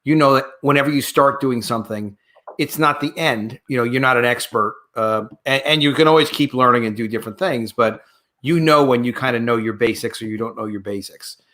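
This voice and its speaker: A man's voice: mid-range voice, a little fast, pushed and bright. A man hosting a casual conversation, reflectively summing up his guest's points. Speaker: host.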